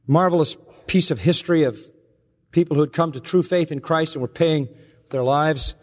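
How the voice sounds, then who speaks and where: A man preaching a sermon, telling stories earnestly and slowing down for the emotional parts. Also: fairly high pitch. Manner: earnest storytelling, slows and softens for emotional quotes. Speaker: pastor. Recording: long reverb from a large hall.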